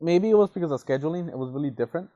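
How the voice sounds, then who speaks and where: A man's voice: on the high side, very fast, mellow, far from the mic, lo-fi sound. A young man in casual podcast chat, telling rambling stories with lots of swearing. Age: young adult. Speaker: podcast co-host.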